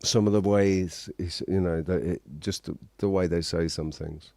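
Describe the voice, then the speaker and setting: A man chatting casually as a podcast host, rambling and halting and swearing now and then. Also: low-pitched, fairly even intonation, creaky, a little mellow, dry recording. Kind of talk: casual chat.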